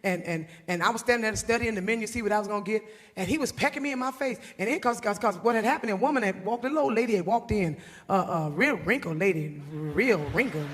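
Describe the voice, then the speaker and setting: A woman's voice: mid-range voice, quick pace, big-room sound. A woman telling a long comic story in a folksy, chatty way, repeating words for effect. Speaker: gospel singer doing stand-up.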